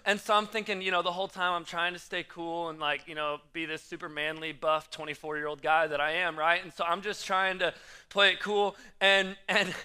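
A young man in his twenties preaching as a pastor, telling a self-mocking story with lots of quick restarts and animated bursts. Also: on the high side, clean tone. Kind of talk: storytelling sermon.

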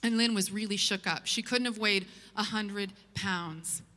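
A woman preaching to a church, telling a story with a light, humorous touch. Her voice is bright and forward, and it rings out with the long reverb of a big church hall. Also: medium pitch, unhurried. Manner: lively, humorous anecdote telling. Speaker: church speaker. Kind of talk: sermon storytelling. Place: church auditorium.

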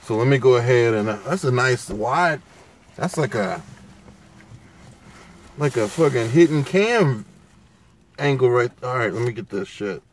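Excitable sleep-deprived man vlogging from phone. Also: mid-range voice, a little slow, pauses often, slight background noise. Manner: excitable, profane, gushing over food. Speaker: food-review vlogger, show host. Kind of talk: casual food review vlog.

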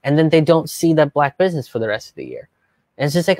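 A young man hosting a live stream as a comedian, talking in a casual, animated, profane way and slipping into mocking voices. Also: a little high, fast, dry recording. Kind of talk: casual livestream commentary.

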